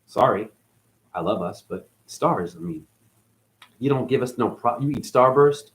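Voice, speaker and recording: A man rambling through a profane spiritual monologue, dropping to mutters and then jumping up in excited bursts. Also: mid-range voice, unhurried, low-quality recording. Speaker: spiritual video host.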